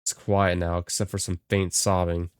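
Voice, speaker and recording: Low-voiced man reading game text aloud. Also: level tone, normal speed, smooth, no room sound. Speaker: game streamer.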